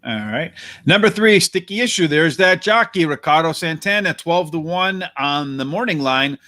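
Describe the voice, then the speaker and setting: A man hosting a horse racing preview, walking through post positions, pace and jockeys in a brisk, analytical way. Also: a little high, lively intonation, sharp tone, no room sound, studio quality. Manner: brisk, analytical, addresses co-host by name. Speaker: racing handicapper host.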